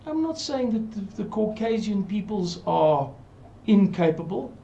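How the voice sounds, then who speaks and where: A man's voice: sits high, big pitch swings, unhurried, gravelly, warm tone, highs cut off. A man giving an earnest, pleading, rambling monologue to his viewers. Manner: pleading, repetitive, digressive. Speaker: channel presenter.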